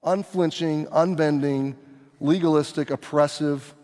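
A man preaching in a church hall, acting out the story in first person with lively, dramatic turns. His voice sits on the higher side for a man, and the long reverb of the room trails each phrase. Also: a little slow, long pauses. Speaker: pastor. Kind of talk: sermon.

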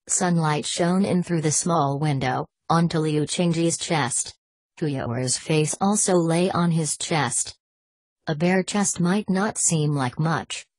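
A woman narrating a martial arts audiobook in a husky voice, reading every character in her own voice. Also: low-pitched, dry recording.

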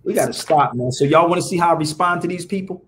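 A man, his voice pitched a little high, ranting to a live audience. He swears freely and keeps asking his viewers questions. A faint hiss of background noise sits behind him. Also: fast talker. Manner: animated, profane, rhetorical questions to viewers. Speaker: podcast host. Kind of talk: casual live-stream rant.

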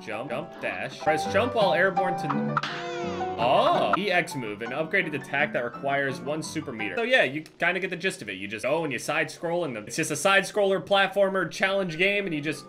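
A young man hosting a let's-play, swearing freely and swinging from deadpan grumbling to frustrated yelling. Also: on the high side. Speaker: gaming channel host. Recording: game music clearly under the voice. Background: game music playing.

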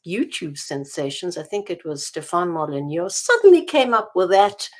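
Very animated, with a fairly low pitch and moderate pace, this South African author chats during a casual interview by call. She restarts a lot and laughs as she recounts anecdotes.

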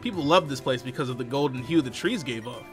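A man reading the lines of a townsperson in a game, telling the town's dark history in a low, hushed, even voice. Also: fast talker, faint music behind, natural voice. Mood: somber.

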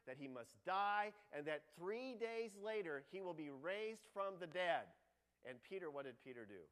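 Man pastor, sermon, fairly high voice, lively and emphatic delivery. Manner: animated, shifts to loud excited voice when quoting Jesus. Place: church sanctuary.

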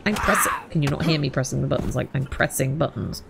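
A woman's voice: a bass voice, quick pace, vocal fry, very noisy. A young woman commenting wryly to herself as she plays a survival game for her channel. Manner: chatty, wry self-talk while playing. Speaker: gaming channel host. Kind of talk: casual gameplay commentary.

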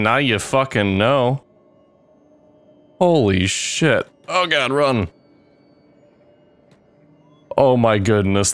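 A young man commenting on his own playthrough of a game, reacting excitably and swearing freely, with sudden yelps. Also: on the low side, clear, resonant tone, no echo. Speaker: gamer playing a modded game. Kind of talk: let's play commentary.

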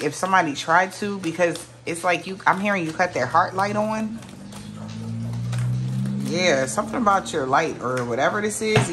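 A woman giving a casual tarot reading to her viewers, musing aloud, often exclaiming and trailing off mid-sentence. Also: medium pitch. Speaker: tarot reader.

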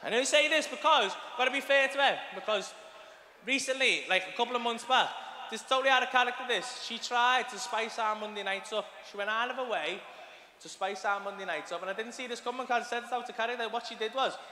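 A man with a Liverpool accent does a crude, swearing stand-up set, acting out scenes as he goes. His voice sits high, and the live recording carries long hall reverb with the audience clearly heard behind him. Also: quick pace, pushed and bright, slight background noise. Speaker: stand-up comedian. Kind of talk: stand-up routine. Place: comedy club stage.

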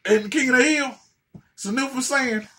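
A man's voice: very high voice, moderate pace, bright, forceful tone. A man doing a profane comedic rant, stammering and repeating words as he goes.

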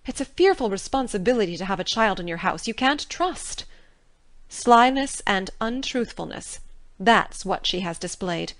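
A woman's voice: mid-range voice, lively intonation, moderate pace, natural voice. A woman as a stern, strict middle-aged spinster. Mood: indignant. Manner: firm, clipped scolding.

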